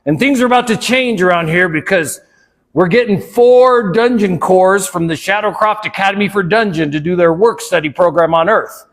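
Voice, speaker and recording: A man's voice: high voice, normal speed. A man voicing an ancient, sweaty, greenish convenience store clerk who talks in a drawling, unimpressed way. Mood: world-weary.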